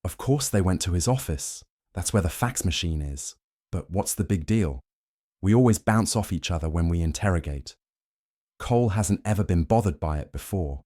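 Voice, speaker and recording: Wry brotherly werewolf, voiced by a man, calm, amused, deep voice, audiobook. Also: moderate pace, dry recording, clean studio sound. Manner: amused and calming.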